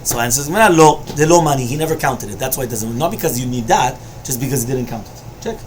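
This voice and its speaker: A man's voice: mid-range voice, animated, quick pace, slight background noise. A man teaching a Talmud lesson who explains each line and keeps checking with "right?" and "you understand?". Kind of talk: Talmud study lecture.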